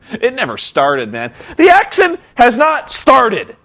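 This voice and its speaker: A man's voice: very high-pitched, huge pitch swings, slow pace, a bit bright. A young man recapping a show in a rambling, incredulous, sarcastic way. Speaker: vlogger.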